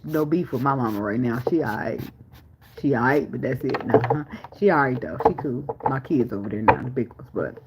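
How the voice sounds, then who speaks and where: A woman's voice: sits low, slightly rough, rough recording. A woman, giving a tarot reading as casual talk, blunt and profane, full of rhetorical questions. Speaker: tarot reader. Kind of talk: casual spiritual reading and rant.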